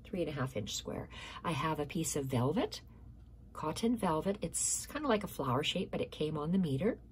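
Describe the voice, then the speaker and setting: A woman's voice: sits low, expressive, normal speed, a little hiss or hum. A woman hosting a casual stitching tutorial, explaining step by step, repeating measurements and correcting herself, sometimes dropping to a near-whisper.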